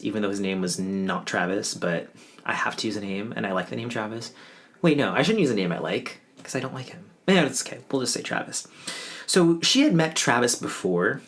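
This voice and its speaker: A man's voice: medium pitch, fairly bright tone. A man in his twenties telling a personal story in a casual, wry, offhand way, mocking himself now and then. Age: 20s. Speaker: vlogger.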